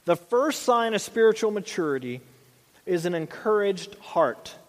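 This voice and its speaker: A man's voice: high-pitched, sing-song, a little slow. A man in his thirties preaching a sermon as pastor, in a conversational way with frequent asides and restarts. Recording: long church reverb.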